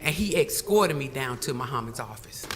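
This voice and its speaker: A woman's voice: extremely low pitch, animated, moderate pace, slight background noise, rough recording. A woman giving an emphatic public comment at a board meeting, telling her story and repeating key phrases. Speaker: public commenter, former employee.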